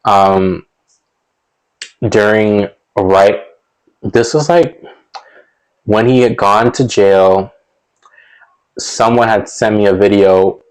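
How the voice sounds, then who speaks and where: A young man spins a casual storytime tale in a slightly low voice. He rambles, circling back with fillers and restarts, and breaks into little chuckles between sentences. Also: drawn-out words, long pauses, poor audio. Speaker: storytelling vlogger.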